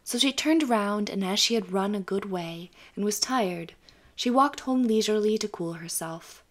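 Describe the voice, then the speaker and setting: A woman narrating a fairy tale audiobook in a calm, even storytelling manner. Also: mid-range voice, moderate pace. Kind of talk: scripted bedtime story narration.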